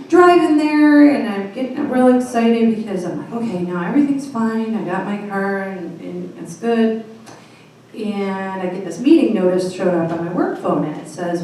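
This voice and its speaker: A woman in her thirties with a Midwestern American accent tells a true story onstage, wry and self-mocking about her own bad luck. Her voice sits at an ordinary pitch. It reaches the mic from a distance and rings around a very echoey room with a faint hum of the crowd behind. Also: warm tone. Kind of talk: live storytelling set. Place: small comedy venue.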